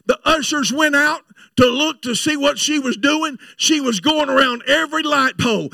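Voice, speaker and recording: High, gravelly revival preacher. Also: male voice, a little slow, hardly any pauses, dry recording, studio quality, far from the mic. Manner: builds from chatty storytelling to loud shouting. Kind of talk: revival sermon. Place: church sanctuary.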